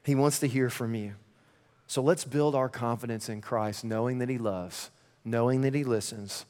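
Energetic pastor preaching in a reverberant hall. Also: male voice, mid-range voice, moderate pace. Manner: energetic, swings from loud and playful to hushed and earnest. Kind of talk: sermon.

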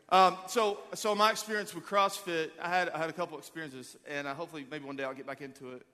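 A man in his thirties, a pastor preaching a sermon, energetic and joking as he rallies the crowd. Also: a little high, fast, few pauses. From Arkansas. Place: large church auditorium. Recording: long hall reverb.

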